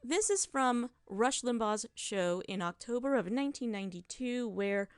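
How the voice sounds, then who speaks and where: Woman podcast host, middle pitch, dry sardonic narration. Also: smooth. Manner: sardonic, wry.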